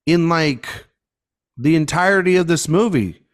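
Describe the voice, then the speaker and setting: A man co-hosting a casual film podcast, talking in an animated, halting way with frequent restarts. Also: a little high. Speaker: podcast co-host.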